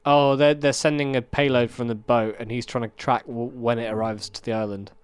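A man's voice: medium pitch, steady tone, brisk, clear, resonant tone. A man co-hosting a casual watch-along podcast, rambling with frequent restarts and humming suspense stings. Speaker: podcast co-host.

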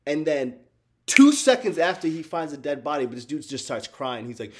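A man in casual chat with his viewers, animated and profane, laughing often and calling them y'all. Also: a little high, moderate pace. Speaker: streamer talking to chat.

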